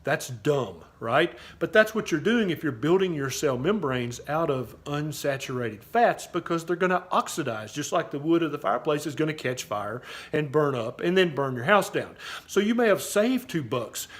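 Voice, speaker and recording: Man, Southern US accent, slightly high pitch, emphatic, folksy, health talk to camera. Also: animated, normal speed. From Southern US, Tennessee. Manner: emphatic, folksy, repeats "okay?" to drive points home. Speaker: doctor giving health advice.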